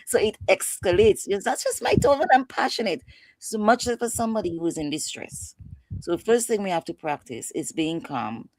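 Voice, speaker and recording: A woman's voice: lowish voice, expressive, moderate pace, no echo. A woman guest in an interview, explaining advice in an emphatic, passionate way. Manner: passionate, emphatic, acts out quotes. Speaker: guest expert on mental health. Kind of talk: instructive interview talk.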